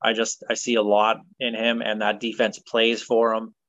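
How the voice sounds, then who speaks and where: A man hosting a casual sports podcast, leading segments in a brisk, opinionated way. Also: fairly low pitch, completely flat delivery, a bit bright, no echo. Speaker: podcast host. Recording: dull, dry sound.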